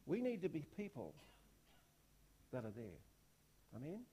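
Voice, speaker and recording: A man with a high-pitched voice delivers a sermon. He leans on repeated rhetorical questions, going from hushed and slow to loud and forceful as his points build. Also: huge pitch swings, slightly rough. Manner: repetitive rhetorical questions, big swings in loudness. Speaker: preacher.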